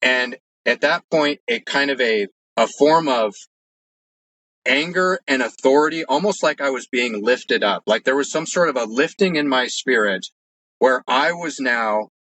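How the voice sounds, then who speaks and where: A man speaks a little slowly in a mid-range, pushed and bright voice, captured on poor audio. He's a guest in an interview casually telling his own story, earnest and meandering, full of "like" and false starts.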